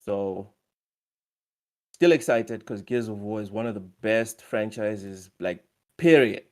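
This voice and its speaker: A man's voice: lowish voice, slow, a little mellow. A man hosting a casual gaming live stream, reading viewer comments aloud in a loose, chatty way. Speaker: stream host running a quiz.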